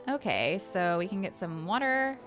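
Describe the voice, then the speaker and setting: A woman's voice: mid-range voice, big pitch swings, normal speed, fairly bright tone. Gaming streamer: woman narrating game text, chatty asides, game music under. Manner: chatty, reacting between narrated passages. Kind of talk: let's-play, reading game text aloud.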